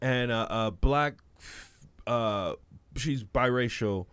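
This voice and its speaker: A man's voice: mid-range voice, slow pace, a bit bright, clean tone, no room sound. A man from Chicago co-hosting a podcast in casual chat, rambling and profane, laughing often. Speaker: podcast co-host.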